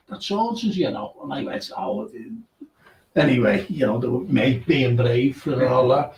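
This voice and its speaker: On a live radio show, a man with a mid-range voice sits far from the mic in an echoey room. His casual patter covers listeners' names and messages, followed by a ghost story he keeps stammering and restarting.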